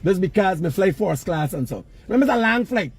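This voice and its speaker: High-voiced Guyanese man lecturing outdoors. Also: sing-song, a little fast, gravelly, breathy edge. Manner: lecturing, emphatic, Creole-laced. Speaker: vlogger. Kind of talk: casual street vlog talk. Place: outdoors near work sites.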